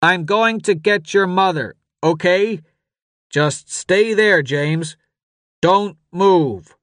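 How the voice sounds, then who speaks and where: A desperate father shouts urgent orders over a crackling radio, voice pushed high and strained, as a male narrator puts him on. He commands rather than asks, clipped and insistent, in a dry, close recording. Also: moderate pace, no room sound. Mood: urgent commanding. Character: frantic father, a man yelling over radio.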